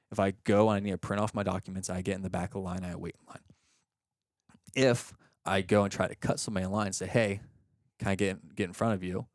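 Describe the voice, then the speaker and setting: A man with a very low voice talks through a coaching exercise step by step, acting out the questions he asks clients. The sound is dry and close, with no room echo. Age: young adult or middle-aged, a father of young kids. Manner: explaining in a steady teaching way, often acting out example questions. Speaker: coach and podcast host. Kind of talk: coaching session chat.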